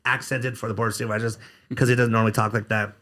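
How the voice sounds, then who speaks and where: Male guest lawyer, blunt and sarcastic, with a bright, cutting delivery. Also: on the low side, little pitch movement, rapid-fire. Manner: blunt, sarcastic, curses freely. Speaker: criminal defense attorney, podcast guest. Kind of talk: casual podcast interview.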